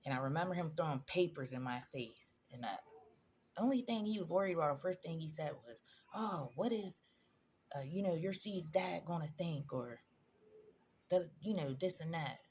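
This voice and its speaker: A woman's voice: low voice, lively intonation, moderate pace, darkish tone, slight background noise. Emotional woman telling a personal story. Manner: emotional, conversational, addresses viewers as y'all. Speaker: vlogger.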